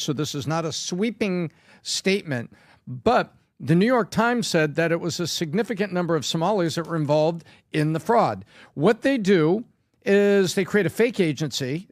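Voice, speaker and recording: A man's voice: on the high side, dry recording, clean studio sound. A man in a heated podcast discussion, emphatic and repeating words for effect. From Canada. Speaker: political commentator, podcast guest.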